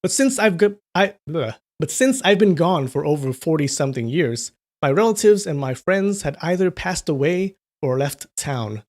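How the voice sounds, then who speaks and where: A polite, humble gray-haired old innkeeper, as a man reading a story puts him on. He speaks in a somewhat high voice, courteous and self-effacing. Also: big pitch swings, normal speed, few pauses.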